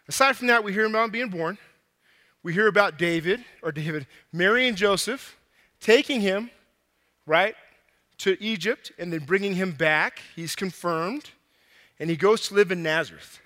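A man preaching a casual, animated sermon to a young crowd, out of breath, acting out bits of dialogue in slang. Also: sits high, moderate pace, long pauses, big-room sound.

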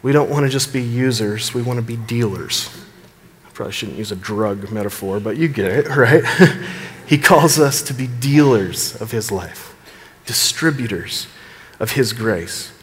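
A man preaching a sermon as pastor, earnest, building emphasis and dropping low at the ends of phrases. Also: unhurried, in a large hall.

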